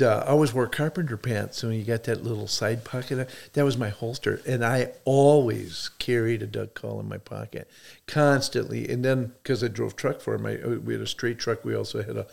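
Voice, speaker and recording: A man's voice: mid-range voice, vocal fry. A middle-aged man from Michigan, a podcast guest, telling folksy rambling stories with lots of fillers. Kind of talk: casual storytelling chat.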